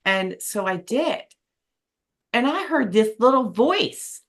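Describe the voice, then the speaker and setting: In a relaxed interview conversation, a female podcast host speaks slowly in a slightly high, expressive voice. She comes across as open and eager, with laughter coming readily.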